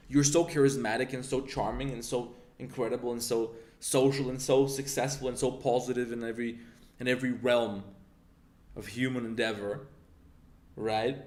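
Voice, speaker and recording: Profane, confrontational male mentor, mid-pitch voice, roomy echo. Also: fairly even intonation, moderate pace, a little mellow. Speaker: online mentor pitching a course. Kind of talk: intense motivational rant.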